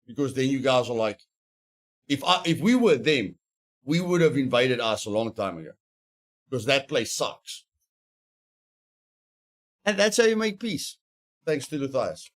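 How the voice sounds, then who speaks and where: A man's voice: mid-range voice, lively intonation, normal speed. A man streaming a survival game, talking casually, rambling and joking in a mock-serious way. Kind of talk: casual gameplay chat.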